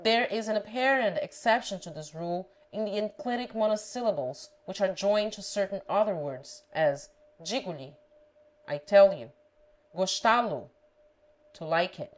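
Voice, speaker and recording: A woman reading a grammar lesson aloud, pronouncing example words carefully and deliberately. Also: mid-range voice, lively intonation, rough recording. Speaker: language teacher.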